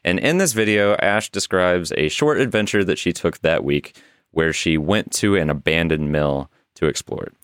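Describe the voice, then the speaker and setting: A man's voice: sits low, normal speed, fairly bright tone, smooth, no echo, clean studio sound. A man co-hosting a podcast, loosely recapping an internet mystery with some swearing and frequent laughs. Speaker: podcast co-host. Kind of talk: casual podcast story recap.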